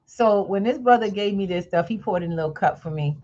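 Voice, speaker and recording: A woman's voice: medium pitch, fairly quick. Chatty woman host, lo-fi sound. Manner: lively, chatty, laughs often. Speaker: podcast host. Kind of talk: casual chat, storytelling.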